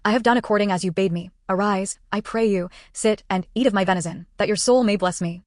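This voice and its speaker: A woman's voice: medium pitch, a little fast, darkish tone, no room sound, clean studio sound, lightly acted. A woman reading as a cautious, deceitful younger son.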